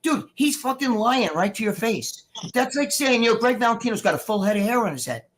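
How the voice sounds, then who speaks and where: A man's voice: very high-pitched, lively intonation, brisk, a bit bright. A middle-aged man chatting on a live stream, ranting in a heated, rambling way with lots of swearing. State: recovering from surgery. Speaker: guest. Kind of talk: casual live-stream chat.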